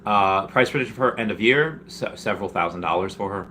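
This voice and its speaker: A man hosting a casual livestream Q&A, rambling and restarting, with sudden excited jumps in pitch. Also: fast, a little hiss or hum. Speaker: livestream host answering viewer questions.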